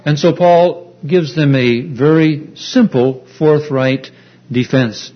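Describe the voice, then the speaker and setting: A man preaching an earnest, explanatory sermon, pausing often with fillers as he retells a story. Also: on the high side. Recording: dull lo-fi recording.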